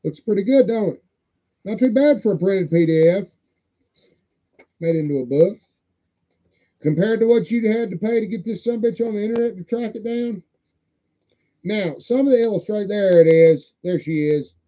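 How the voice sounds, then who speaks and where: A man's voice: high voice, normal speed, long pauses. A man hosting a livestream, talking in a folksy, profane, rambling way. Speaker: livestream host. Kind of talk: casual livestream show-and-tell. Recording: dull lo-fi stream audio.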